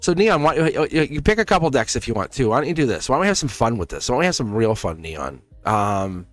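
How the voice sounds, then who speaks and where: A man's voice: medium pitch, big pitch swings, fast talker, soft background music. A man hosting a live tarot stream, talking casually and encouragingly to his chat with frequent laughs. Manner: rambling, encouraging, laughs often; talks straight to chat viewers.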